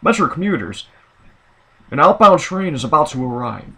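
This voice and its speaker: A male recorded train announcer, as a man imitates him gives platform notices in a slow, measured cadence. The voice sits slightly above normal pitch and carries a bright tone. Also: sing-song, slightly rough, heavily acted. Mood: announcing.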